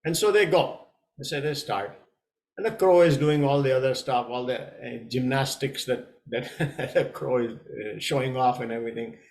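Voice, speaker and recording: A man, a tai chi coach, telling a parable in a gentle storytelling way, with small hesitations. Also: medium pitch, normal speed, creaky.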